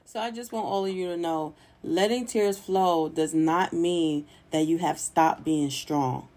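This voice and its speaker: A woman's voice: fairly low pitch, unhurried, a little mellow. A woman hosting her own podcast, talking casually and encouragingly to listeners, informal with little laughs. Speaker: podcast host. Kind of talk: casual solo podcast talk.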